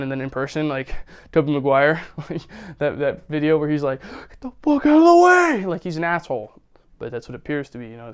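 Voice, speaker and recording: A young man talking in a rambling, casual way, full of fillers, while working out in a home gym. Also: mid-range voice. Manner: rambling, many fillers, breathy strained sighs between reps. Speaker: vlogger filming his workout.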